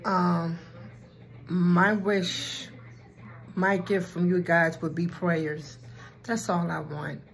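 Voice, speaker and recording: Slow-talking woman vlogger, low voice. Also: little pitch movement, vocal fry, rough recording. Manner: slow and heartfelt, with filler ums. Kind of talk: casual chat.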